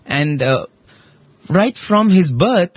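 A man telling a devotional story in conversation, animated and full of fillers. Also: high voice, slow pace, slightly rough, no room sound, highs cut off. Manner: animated, acts out voices in quotes, many fillers.

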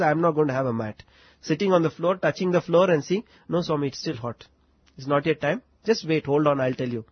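Husky-voiced man with an Indian English accent. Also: high-pitched, no echo. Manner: reflective, laughs often, quotes others. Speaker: guest. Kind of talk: personal storytelling. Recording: dry, slightly muffled lo-fi recording.

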